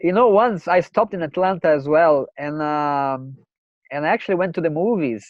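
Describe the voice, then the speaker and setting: A man with a Brazilian accent hosting a video call interview, translating his guest between English and Portuguese in a lively, laughing way. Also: fairly high pitch, moderate pace, dry recording, dull audio. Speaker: host and interpreter.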